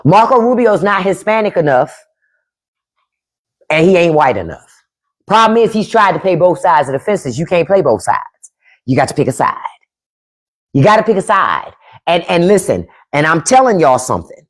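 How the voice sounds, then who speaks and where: A woman hosting a live stream, giving loud opinions in casual chat, swearing freely and repeating her points while answering the chat. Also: lowish voice, very animated, normal speed, pauses often. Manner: profane, opinionated. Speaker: podcast host on a live stream. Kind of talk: casual livestream commentary.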